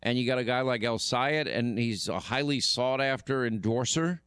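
Emphatic male radio host, smooth voice. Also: mid-range voice, normal speed, fairly bright tone, dry recording, studio quality. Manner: emphatic, repeats himself. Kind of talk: radio talk commentary.

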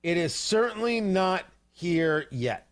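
A man's voice: high voice, very animated, slow pace. A male host giving heated, sarcastic political commentary on a livestream, ranting and mocking.

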